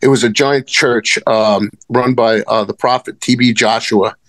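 A man's voice: mid-range voice, fairly even intonation, unhurried, fairly bright tone, no echo. A man telling rambling, profane stories as a wrestling guest in casual conversation. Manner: rambling, profane, many restarts. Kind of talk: casual storytelling.

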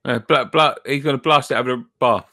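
A man on a fan watch-along making quick, chatty remarks about the play. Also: medium pitch, vocal fry, sharp tone. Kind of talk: live watch-along chat.

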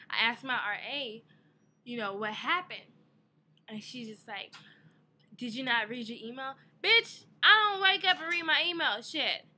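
A woman's voice: medium pitch, bright, forceful tone, a little hiss or hum. A young woman in a casual vlog, telling an exasperated story about her day with a lot of swearing. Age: young adult. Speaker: vlogger.

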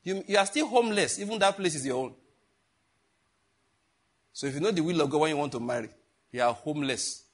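A man's voice: a little high, animated, brisk, long pauses. A middle-aged man, teaching a sermon in a conversational, joking way and asking the congregation questions. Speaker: pastor.

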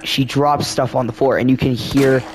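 A man's voice: medium pitch, level tone, moderate pace, background noise. A man hosting a casual let's play commentary, rambling and laid-back with lots of filler words. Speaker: gaming channel host.

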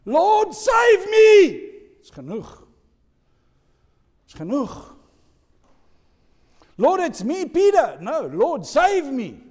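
A man's voice: fairly high pitch, slow, pauses often, dark tone. A preacher doing Peter, indignant fisherman. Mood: desperate. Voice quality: pompous, then pleading. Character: the apostle Peter, grown man, impulsive and indignant. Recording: long church reverb.

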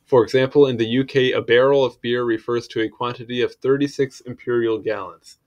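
A man's voice: medium pitch, fairly even intonation, fairly quick, darkish tone, dull audio. A man reading an encyclopedia article aloud in a casual way, stumbling over words and adding offhand asides. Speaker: article reader.

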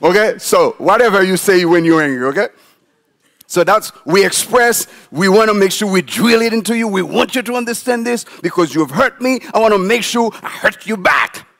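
A man acting out a furious ranting partner. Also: moderate pace. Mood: angry. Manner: loud, accusing, high-pitched outburst.

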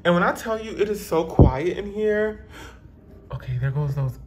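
A man's voice: sits high, lively intonation, normal speed, heavy background noise. Chatty gushing man touring a hotel room. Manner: chatty, gushing, exclamatory, talks to viewers as "girl" and "y'all". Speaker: travel vlogger. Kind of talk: casual hotel room tour vlog.

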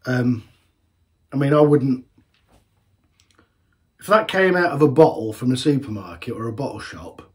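A man's voice: medium pitch, lively intonation, moderate pace, pauses often. A man in a casual beer-tasting vlog, chatty and rambling, often correcting himself mid-sentence. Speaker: homebrewer reviewing beers.

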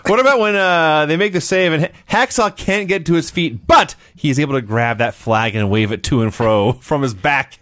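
A man's voice: on the high side, moderate pace, few pauses, fairly bright tone, no room sound. A man co-hosting a casual podcast, retelling events in a storytelling way and laughing often. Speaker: podcast co-host. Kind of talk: casual wrestling recap chat.

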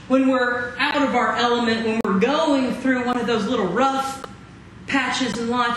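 A man preaching a sermon as pastor, dramatic, with rhetorical questions and drawn-out emphasis. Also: high voice, a bit bright. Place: church sanctuary. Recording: very echoey hall, faint noise.

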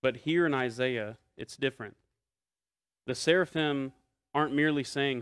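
A male pastor giving a measured, deliberate sermon in church, stressing key words by repeating them. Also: mid-range voice, a bit bright, clean tone, no room sound, clean studio sound. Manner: measured, deliberate preaching with emphatic repetition.

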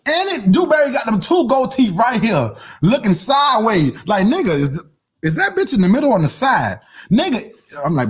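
Animated man ranting on a podcast. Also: extremely high pitch, a little fast, husky. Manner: animated, profane, jumps into mock voices and sing-song. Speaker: podcast host. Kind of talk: comedic commentary rant.

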